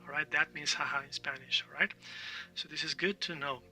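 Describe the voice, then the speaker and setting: A man with a very bright, slightly high voice teaches an online language lesson. He explains step by step, repeats words for practice and keeps checking in with his listeners. He sounds a little far from the mic, with faint music underneath. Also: steady tone, a little fast. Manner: explanatory, repeats words for drill, frequent "all right?".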